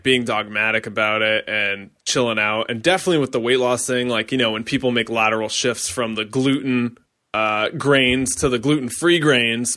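A man hosts a podcast in a loose, chatty way, leaning on fillers as he talks. His pitch sits in the middle for a man. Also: bright, forceful tone. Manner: casual, conversational, filler-heavy. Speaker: podcast host. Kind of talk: podcast interview.

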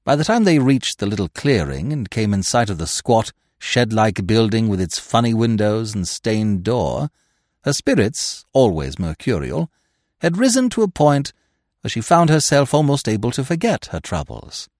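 A man reads a classic story aloud in scripted narration, wry and expressive. His pitch ranges very widely, and the dry, close recording carries no room sound. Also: moderate pace, no echo. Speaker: audiobook narrator.

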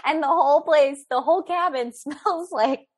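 A woman with a slightly high voice tells a story in loose, chatty conversation. She is animated, breaks into laughter often and leans on filler words as she talks. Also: moderate pace. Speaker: guest storyteller. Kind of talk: casual anecdote in conversation.

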